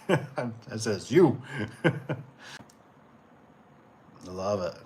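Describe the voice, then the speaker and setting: A man in his forties hosts a casual livestream for his door and gate business, reading viewer comments aloud and rambling easily with lots of fillers and restarts. His voice sits at a medium pitch and moves at a moderate pace, with slight background noise.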